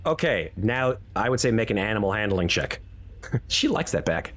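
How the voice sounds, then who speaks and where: A game master narrating a tabletop game and voicing its characters in a brisk, formal way. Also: mid-range voice, sing-song.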